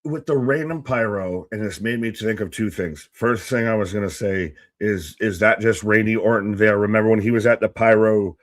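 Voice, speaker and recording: A man's voice: fairly low pitch, moderate pace, few pauses, dry recording. A man co-hosts a casual live wrestling reaction stream. He jokes along with his partner and talks through his arguments in an easygoing way. The sound is dry and close to the mic. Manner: playful, argues points and jokes along.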